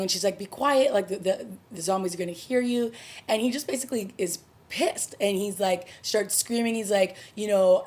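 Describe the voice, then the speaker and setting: Woman vlogger talking through a tv episode, chatty, mid pitch, lots of you know and like. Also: a little mellow. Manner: chatty, conversational recap with fillers. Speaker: TV review vlogger. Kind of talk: casual spoken episode review.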